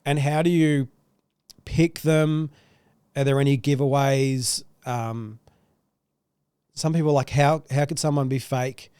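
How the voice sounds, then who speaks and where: Relaxed, curious interview host. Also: mid-range voice, slow pace, pauses often, smooth, dry recording. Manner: relaxed, curious, slangy questions. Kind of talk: casual interview chat.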